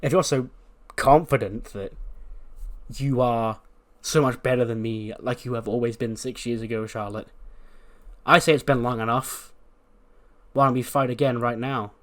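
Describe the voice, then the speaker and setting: A man's voice: medium pitch, steady tone, moderate pace, long pauses, a bit bright, natural voice. A man voicing a female wrestler who taunts and challenges her rival. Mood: challenging.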